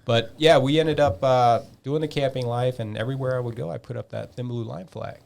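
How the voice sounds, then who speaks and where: A man in his fifties telling a long story in a casual podcast chat, animated, swearing freely and acting out the dialogue. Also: mid-range voice, fairly quick, vocal fry, slight background noise. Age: 50s. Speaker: podcast guest.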